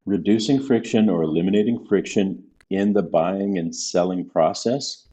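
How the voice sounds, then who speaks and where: A male business consultant guests on a podcast, using a low-pitched, warm voice at a moderate pace. The interview is casual and conversational, and he makes his points emphatically, repeating them to stress them.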